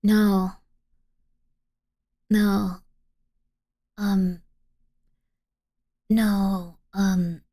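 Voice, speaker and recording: A woman's voice: medium pitch, level tone, extremely slow, long pauses, mellow. A woman streamer chatting casually with her live chat, giggly, rambling and full of apologies. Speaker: streamer reacting to videos.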